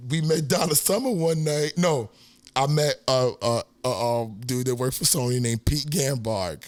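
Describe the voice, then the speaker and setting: Mid-range in pitch and normal in speed, this man's voice comes through with no room sound. A New York native with the accent to match, he's an animated podcast guest swearing through casual interview stories and raising his voice to imitate what others said.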